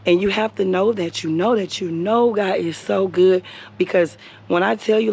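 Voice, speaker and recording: A woman's voice: medium pitch, moderate pace, creaky, a little mellow, husky. A young woman talking earnestly to her viewers while standing outdoors at a cemetery, repeating her words for emphasis and calling them y'all. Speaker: vlogger. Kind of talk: heartfelt talk to camera.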